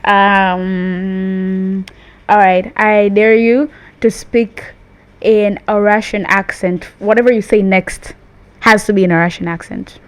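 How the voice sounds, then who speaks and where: A young woman hosting a casual chat, giggly and quick when nervous. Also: mid-range voice, fairly even intonation, clear, resonant tone. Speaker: host.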